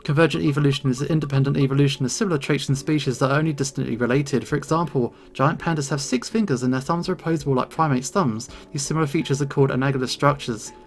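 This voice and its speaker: A man voicing a shy, anxious teenage schoolgirl who mumbles and rushes through her lines, with faint game music behind. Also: mid-range voice, expressive, fairly bright tone. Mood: rushed. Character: nervous shy teenage girl student.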